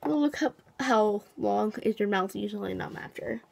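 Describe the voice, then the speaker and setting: A woman's voice: medium pitch, normal speed, vocal fry, a little mellow, slight background noise. A teenage girl vlogging casually after the dentist, her mouth still numb, rambling with lots of fillers and counting aloud. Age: teens. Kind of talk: casual vlog to camera.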